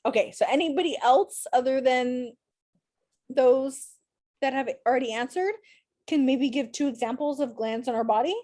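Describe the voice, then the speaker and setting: On a video call, a woman teaches an online class in a warm, high voice at a moderate pace. She sounds tired after teaching all day but remains chatty, upbeat and encouraging toward her students.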